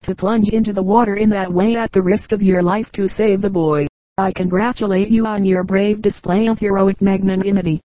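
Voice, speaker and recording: A woman reading a pompous gentleman's flowery praise in a storybook reading. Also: mid-range voice, steady tone, brisk, no echo, close to an everyday voice, low-quality recording. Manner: rhetorical, flowery.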